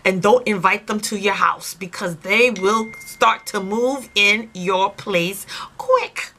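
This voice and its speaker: A woman vlogger telling a story-time tale in a casual, colloquial way, acting out her own reactions with animated drama and talking straight to her viewers. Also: mid-range voice, slow pace, slight background noise. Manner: colloquial, addresses viewers directly.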